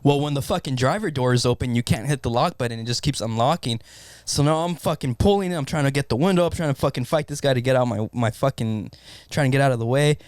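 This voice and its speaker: A man in a casual podcast chat, telling a story in an animated way and swearing constantly. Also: medium pitch, fast, dry recording, clean studio sound. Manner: animated, swears constantly, acts out his own panic. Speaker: podcast co-host.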